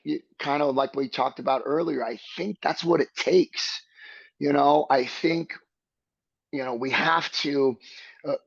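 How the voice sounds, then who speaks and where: A man's voice: a little high, creaky, dry recording, muffled recording. A man speaking as a podcast guest, earnest and searching, building his thoughts step by step in a reflective conversation.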